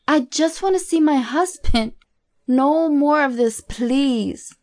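A woman's voice: fairly high pitch, big pitch swings, slow pace, darkish tone, exaggerated voice. A woman voicing a terrified young woman who pleads and whimpers to her torturer. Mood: pleading.

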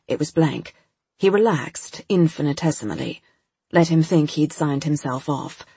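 Woman narrator, first-person audiobook, breathy husky tone, dry close recording. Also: deep voice, normal speed, mellow, no echo. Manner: tense, urgent storytelling.

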